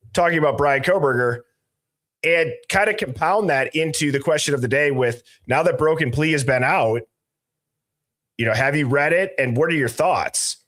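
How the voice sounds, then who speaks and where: A man with a slightly higher voice hosts a live stream in a loose, conversational way. He greets his viewers one by one, reading their usernames from the chat, and throws in offhand jokes as he goes. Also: a bit bright. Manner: loose, conversational, jokey asides. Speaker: livestream host.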